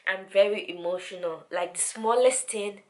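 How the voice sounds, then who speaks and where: A young woman chatting to camera as a vlogger, animated and repeating words for emphasis. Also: medium pitch, moderate pace. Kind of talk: casual chat to camera.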